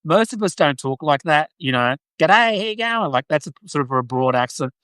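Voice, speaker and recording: A chatty Australian livestreamer gives casual political commentary, repeatedly ending points with "right?" and starting over mid-thought. His mid-range voice is fairly quick, bright, and clean, though the dry recording is poor quality.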